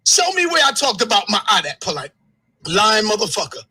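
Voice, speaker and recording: A man in an angry livestream rant who shouts, curses and swings his pitch sharply. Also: sing-song, fairly quick, breathy edge, poor audio. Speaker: live streamer.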